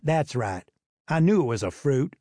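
A man's voice: medium pitch, big pitch swings, normal speed, mellow, no room sound, studio quality. A man voicing a stern, folksy man in charge of teenage boys. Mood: commanding. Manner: authoritative, folksy. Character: stern Southern man running a boys' home.

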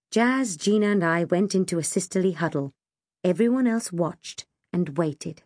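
A woman reading a first-person story aloud in an expressive, wry way. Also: fairly low pitch, moderate pace, no echo, clean studio sound. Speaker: audiobook narrator. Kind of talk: first-person audiobook narration.

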